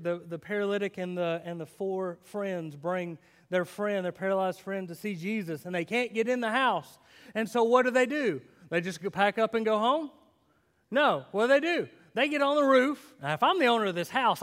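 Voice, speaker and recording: A man preaching a sermon. He tells the story dramatically, asks his listeners questions, and swings between loud and hushed delivery. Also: sits high. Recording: long reverb of a large hall.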